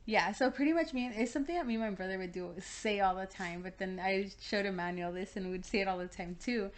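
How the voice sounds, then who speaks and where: A woman's voice: mid-range voice, quick pace. A young woman co-hosting a podcast in casual chat, chatty and giggly, with lots of fillers. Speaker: podcast co-host.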